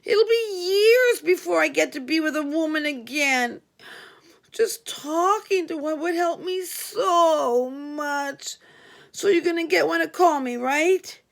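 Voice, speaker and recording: A woman's voice: high voice, slow pace, gravelly, voice pushed up, exaggerated voice. A woman voicing a whiny male prisoner who pleads and begs, in a storybook reading. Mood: whining. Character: whiny jailed man begging for calls.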